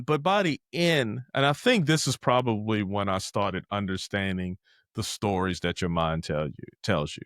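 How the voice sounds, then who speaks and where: A male podcast host with a fairly low voice talks with his guest, full of enthusiasm. His speech is quick and energetic. The recording is dry and close. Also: no echo. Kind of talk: casual interview chat.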